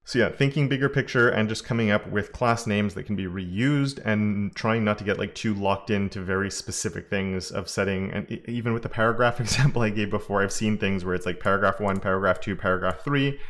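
A man teaching web coding in a relaxed, conversational way, with small laughs and offhand asides. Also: fairly low pitch. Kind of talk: screen-recorded coding tutorial.

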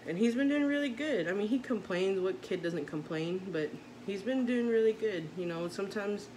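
Casting note: mother in her thirties, heartfelt rambling vlog chat, mid-pitched voice, noisy recording. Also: animated, moderate pace, darkish tone. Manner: rambling, heartfelt, many restarts. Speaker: vlogger, mother. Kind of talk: casual chat to camera. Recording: noisy background.

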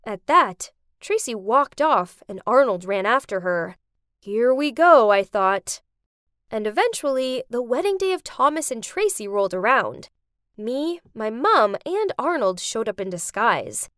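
Young woman narrating an animated story, high voice, really dramatic, dry close sound. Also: a little slow, clean tone, no room sound.

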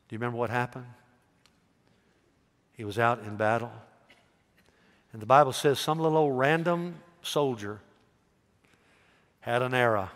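A male pastor preaching a sermon, telling a story with animated voices and calling out questions to the congregation. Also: mid-range voice, unhurried, long pauses. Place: church. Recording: echoey church hall reverb.

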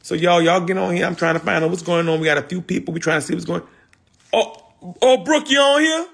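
A man's voice: on the high side, flat delivery, rapid-fire, gravelly, a bit bright. A man hosting a casual livestream, talking in loose street slang, repeating himself and calling out viewers by name. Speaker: livestream host.

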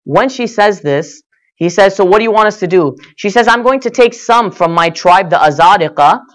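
A man's voice: sits high, lively intonation, moderate pace, a bit bright. A man giving a religious talk, retelling a story with quoted dialogue, frequent "you know" fillers and recited Arabic verses. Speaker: speaker at an Islamic center.

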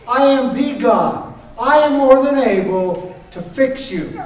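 A man voicing God as a commanding male deity, declaring loudly. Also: very high-pitched, animated, takes it slowly, pitched above the performer's own voice, full character voice. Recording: very echoey hall, voice from far off.

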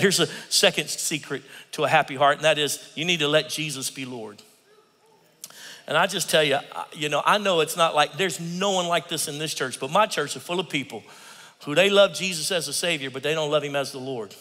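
A man preaching a sermon as pastor, animated and playful, slipping into mock voices. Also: fairly high pitch, a little fast. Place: church sanctuary. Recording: long church reverb.

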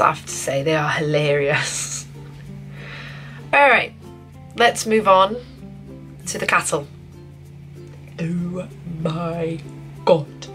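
A young woman vlogging a casual film review, gushing and excitable, often restarting her sentences. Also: fairly low pitch, low-quality recording. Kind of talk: casual spoiler review to camera.

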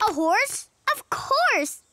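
A woman's voice: extremely high pitch, sing-song, drawn-out words, exaggerated voice. A woman voicing an eager, cheerful young mermaid girl in a cartoon, with music playing behind. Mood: playful. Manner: bright and eager, sing-song. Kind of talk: cartoon voice acting.

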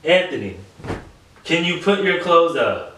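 In an unhurried but very animated delivery, a man with a slightly high, somewhat bright voice nags in exasperation while vlogging a prank at home, repeating himself constantly. An echoey room, a far-off mic and faint noise mark the recording.

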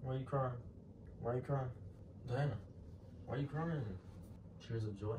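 A young man talks in loose slang and keeps a teasing, unbothered tone. His voice is mid-pitched and comes from some distance away. The room echoes, and clear noise sits underneath. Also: moderate pace. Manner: teasing, slangy, laid-back. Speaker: prankster vlogger. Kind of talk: casual argument. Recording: roomy, distant and noisy.

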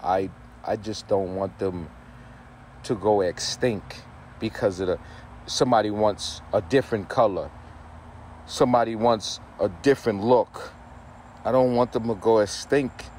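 A man's voice: on the low side, a little slow, a little mellow, slight background noise. A man, a dog breeder, ranting casually to camera in an emphatic way, repeating his points and using street slang.

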